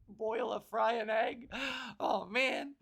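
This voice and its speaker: A young Canadian woman hosts a podcast, her fairly high, gravelly voice carrying a breathy, buzzy edge. She tells a comic story in a casual monologue, poking fun at herself, laughing often and acting out quick back-and-forth exchanges.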